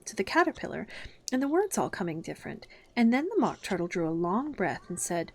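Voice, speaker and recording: A woman reading a classic children's story aloud in a calm, gentle, measured bedtime style. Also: mid-range voice.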